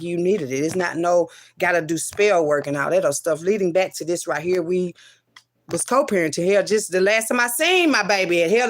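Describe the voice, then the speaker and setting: A woman telling an emotional personal story as a mother, profane and emphatic, swinging between loud outbursts and low murmurs with many repeated refusals.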